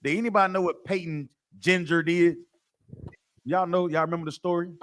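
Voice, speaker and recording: A man's voice: high voice, steady tone, a little fast, a bit bright. A man leading a scripture class, quizzing his students with call-and-response questions and repeating himself to press a point. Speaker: class teacher.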